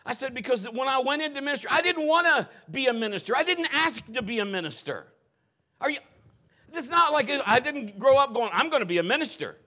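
Animated high-voiced male pastor preaching. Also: brisk. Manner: animated, joking storyteller. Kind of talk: sermon with personal stories.

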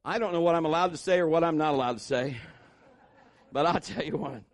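High-voiced man preaching a sermon. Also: fairly quick, no echo. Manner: joking asides, voices quotes. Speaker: pastor. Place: church.

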